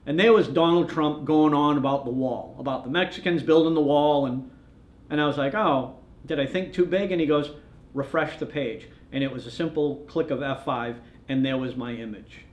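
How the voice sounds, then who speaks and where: A man's voice: on the high side, normal speed, muffled recording. Storytelling man in a roomy space. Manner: rambling storyteller who acts out quoted dialogue. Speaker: news photographer. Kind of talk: documentary interview, recounting anecdotes. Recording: roomy echo.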